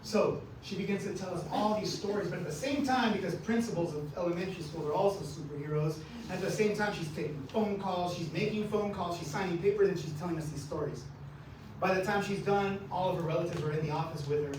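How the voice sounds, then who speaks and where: A man, an author, telling a story on stage with animated quoted voices. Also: high-pitched, fast. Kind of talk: live storytelling performance. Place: event hall with audience. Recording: echoey hall from far off, audience noise.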